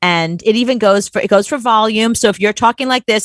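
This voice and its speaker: A woman with a Long Island New York accent, co-hosting a casual comedic chat and telling loud, animated stories. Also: medium pitch, a little fast, dry recording. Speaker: co-host.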